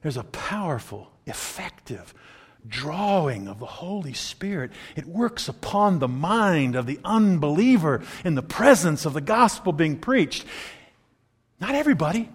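High, lively-voiced male preacher in a hall. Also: unhurried, slightly rough. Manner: animated, acts out quotes and parent voices, chuckles between points. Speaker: pastor. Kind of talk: sermon. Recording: long hall reverb.

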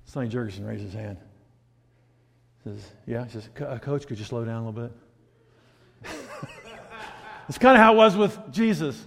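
A man preaching a sermon, swinging from hushed, reflective asides to loud, emphatic points. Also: medium pitch, animated, brisk, creaky, pauses often. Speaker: pastor. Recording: hall reverb.

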